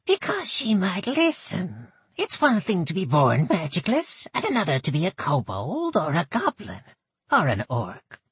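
A man's voice: high-pitched, wildly swooping pitch, a little slow, fairly bright tone, slightly rough, no echo, voice pushed up, full character voice. A man voicing a hunched, scheming female goblin envoy in an audiobook, with a thick nasal voice and a sly, insinuating manner. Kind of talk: audiobook narration.

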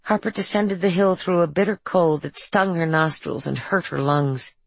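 Woman audiobook narrator, steady, even read, husky low voice, dry booth sound. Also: normal speed, dry recording, rough recording. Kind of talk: scripted narration.

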